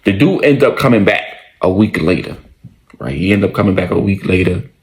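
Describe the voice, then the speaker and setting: A man's voice: deep voice, animated, brisk. A man casually telling a story in slangy, profane speech, often repeating his lines for emphasis.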